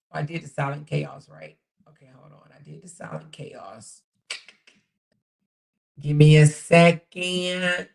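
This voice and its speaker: A woman hosting a casual commentary channel, chatting sassily to her viewers and often pausing to find clips. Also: low-pitched, gravelly.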